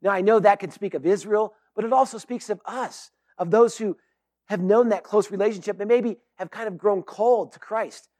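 Male pastor, high voice, earnest and conversational preaching, dry sound. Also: normal speed, a little mellow, no room sound. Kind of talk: sermon.

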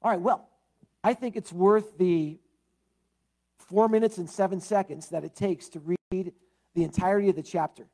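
High-voiced male pastor preaching. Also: moderate pace, long pauses, dark tone. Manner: conversational, with fillers and asides. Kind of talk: sermon with prayer and scripture reading.

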